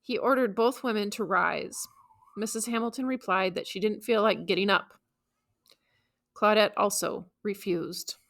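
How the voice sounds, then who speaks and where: A woman narrating an audiobook in the first person, measured and emotive, stressing key words. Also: medium pitch, vocal fry, fairly bright tone.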